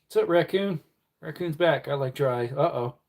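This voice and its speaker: A man's voice: fairly high pitch, moderate pace, a little mellow. A man hosting a casual livestream, mumbling and joking to his chat while he works at a bench. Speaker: livestream host.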